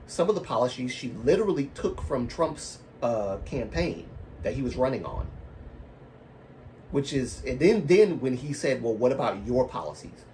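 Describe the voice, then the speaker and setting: A man's voice: mid-range voice, darkish tone, recorded from a distance, a little hiss or hum. A man hosting a casual livestream, talking in a rambling, self-correcting way and laughing at his own remarks, with a lingering cough. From American South and Baltimore. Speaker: livestream host. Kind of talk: casual live-stream chat.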